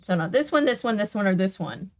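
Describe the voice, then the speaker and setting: A woman's voice: mid-range voice, expressive, quick pace. A woman with a Southern US accent chatting casually while streaming a video game, talking back to the game and her viewers in an exasperated way. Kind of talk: casual let's-play commentary.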